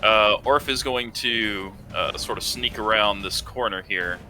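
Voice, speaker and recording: A man's voice: fairly low pitch, measured pace, pushed and bright, faint music behind. A man playing a tabletop role-playing game, talking hesitantly with many fillers. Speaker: player.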